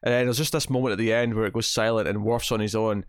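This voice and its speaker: A man co-hosting a podcast, recapping scenes in a rambling, animated way. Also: on the low side, fast talker, no room sound, clean studio sound. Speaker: podcast co-host. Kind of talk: casual chat.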